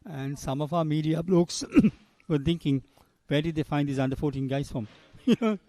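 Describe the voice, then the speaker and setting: A man's voice: fairly high pitch, moderate pace, warm tone, no echo. An older man from Sri Lanka, commentating live cricket and telling long chatty anecdotes between balls. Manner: chatty storyteller, drifts between anecdotes and play calls.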